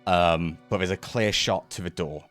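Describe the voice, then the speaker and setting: A man narrating as game master, animated, acting out sound effects and laughing often. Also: low-pitched, moderate pace, soft background music.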